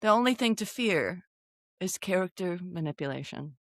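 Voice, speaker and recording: A woman co-hosts a casual podcast and recaps a show in an animated way, acting out the quotes as she goes. Her pitch swings widely. The recording is close and dry. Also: normal speed, no echo. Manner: animated storytelling, acting out quotes, frequent laughs. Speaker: podcast co-host.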